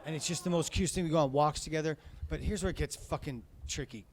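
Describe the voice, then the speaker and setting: A man's voice: on the high side, quick pace, darkish tone, a little hiss or hum. Profane, chatty stand-up comedian man. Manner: profane, conversational, rambling. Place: comedy club stage.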